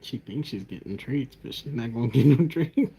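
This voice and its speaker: Man off camera, gravelly husky voice, dark tone, dry low-key remarks. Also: lively intonation, normal speed.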